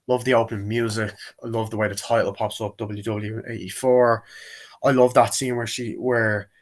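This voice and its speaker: A man's voice: lowish voice, level tone, normal speed. A man giving a casual, rambling movie review, retelling scenes and acting out lines from them. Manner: rambling, retells scenes and acts out quotes in put-on voices.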